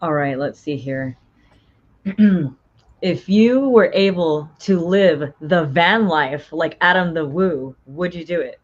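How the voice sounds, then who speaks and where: Low-key woman on a dull line. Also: slow. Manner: brief, low-key answers. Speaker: guest, Twitch streamer. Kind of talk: casual chat.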